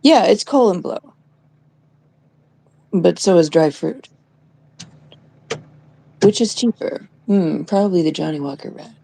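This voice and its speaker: A woman's voice: on the low side, animated, unhurried, gravelly, pauses often, dark tone. A woman co-hosting a casual chat show, rambling and joking, often dropping to a near whisper. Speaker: co-host.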